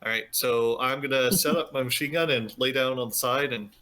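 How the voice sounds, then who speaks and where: Bright-voiced man thinking aloud as a player. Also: mid-range voice, fairly quick. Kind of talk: tabletop game chat.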